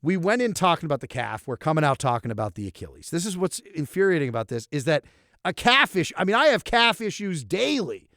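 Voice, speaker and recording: A man co-hosting a casual sports podcast, talking in a lively, self-mocking way with laughs, swearing and restarts. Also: on the high side, fast talker, creaky, dry recording, studio quality. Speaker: podcast co-host. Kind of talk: casual chat.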